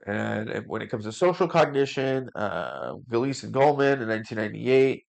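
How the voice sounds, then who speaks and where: A man's voice: medium pitch, lively intonation, normal speed, gravelly. Casual male parenting podcast host. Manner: casual, stumbles over names, with fillers.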